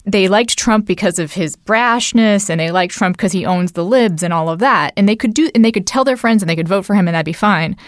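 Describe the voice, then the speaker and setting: A woman co-hosting a political discussion, animated and emphatic, her pitch jumping up on key words, with many "like" and "you know" fillers. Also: fairly quick, few pauses, dry recording, studio quality. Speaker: podcast co-host.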